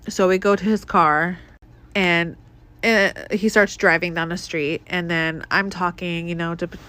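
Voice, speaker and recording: Bright-voiced woman swearing through a story. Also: fairly low pitch. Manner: frank, swearing, laughs through it. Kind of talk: casual storytelling to camera.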